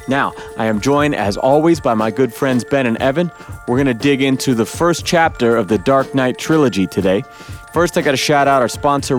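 A man hosting a casual podcast chat, loose and swearing, acting out quotes. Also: medium pitch. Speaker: podcast host.

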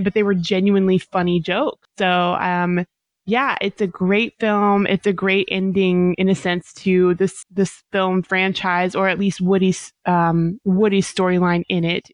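A woman's voice: lowish voice, dry recording. A woman co-hosting a casual movie review podcast, upbeat and chatty. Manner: upbeat, chatty, quick to laugh. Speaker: podcast co-host.

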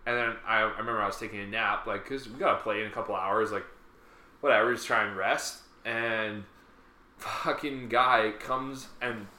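A man's voice: lowish voice, fairly even intonation, moderate pace, bright, forceful tone. A man co-hosting a podcast in casual chat, telling rambling stories with plenty of swearing. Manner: laid-back, rambling storyteller who swears often. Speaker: podcast co-host. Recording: roomy sound with faint background noise.

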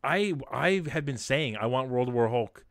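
A man co-hosting a casual podcast chat, ranting in an animated, sarcastic way. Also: medium pitch, measured pace, no room sound, studio quality. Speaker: podcast co-host.

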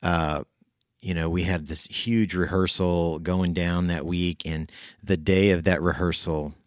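A man hosting a podcast in a casual, upbeat chat, playful and quick to laugh. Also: sits low, level tone, no room sound, clean studio sound. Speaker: podcast host.

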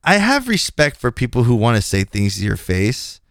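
A man's voice: mid-range voice, huge pitch swings, moderate pace, a bit bright, dry recording, clean studio sound. A male podcast host in casual chat, telling a story bluntly and animatedly, acting out the quoted lines and swearing now and then.

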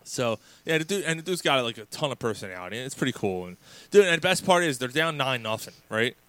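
A man co-hosting a casual sports podcast, telling stories in an animated, profane way with many restarts. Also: medium pitch, quick pace, no echo. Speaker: podcast co-host.

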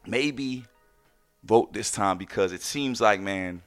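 A man hosting a podcast, telling stories in a casual monologue with loud, excited exclamations, and addressing listeners as "ladies and gentlemen". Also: lowish voice, slow, faint music behind. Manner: animated storyteller, bursts into loud excited exclamations. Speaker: podcast host.

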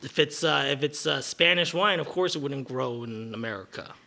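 A man's voice: mid-range voice, normal speed, gravelly, pushed and bright. A man improvising a scene at a bar, hesitant with many fillers and narrating his own moves. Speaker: improv performer.

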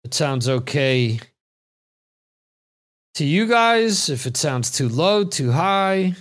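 A man with a slightly high voice hosts a live trivia stream from a home setup. He talks slowly and rambles in a relaxed way as he chats and reads out viewer comments. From United States. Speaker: trivia show host. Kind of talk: casual live-stream chat. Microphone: computer microphone.

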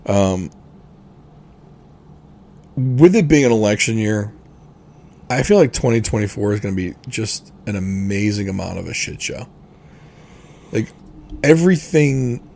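A gravelly, rough-edged male voice with a slightly low pitch. He co-hosts a casual podcast, talking things through in an opinionated, explanatory way, often pausing on fillers and restarting sentences. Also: a little mellow. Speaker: podcast co-host. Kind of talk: casual chat.

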